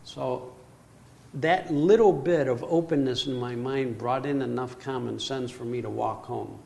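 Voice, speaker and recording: Gravelly older man telling a story. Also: mid-range voice, measured pace. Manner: animated storytelling that acts out its own panic. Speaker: speaker telling a personal story. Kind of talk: storytelling talk.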